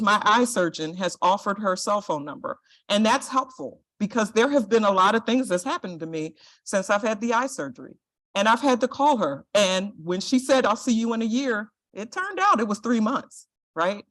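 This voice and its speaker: Earnest woman lecturing, lots of "right?". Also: mid-range voice. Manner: earnest, direct, asks "right?" often. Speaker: guest speaker, compliance and privacy officer. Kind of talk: lecture presentation.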